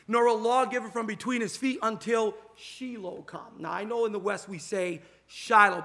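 Male preacher at a pulpit, tense high voice, drawn-out emphatic sermon. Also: pushed and bright. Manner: emphatic, drawn-out preaching delivery with scripture quotes. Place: church sanctuary, at a pulpit. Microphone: pulpit mic.

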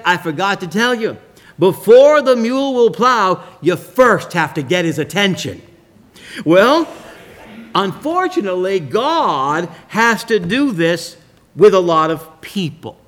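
Slow, lively preacher man telling a story. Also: high-pitched. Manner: slow, dramatic storyteller with sudden rises and drops in voice. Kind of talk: sermon storytelling.

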